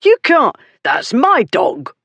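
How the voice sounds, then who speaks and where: A narrator voicing a drunken, blustering man who shouts in coarse dialect in an audiobook. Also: very high-pitched, huge pitch swings, takes it slowly, gravelly, no room sound, highs cut off, pitched above the performer's own voice, heavily acted. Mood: angry shouting. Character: drunken brutish male dog owner, blustering. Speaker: story character.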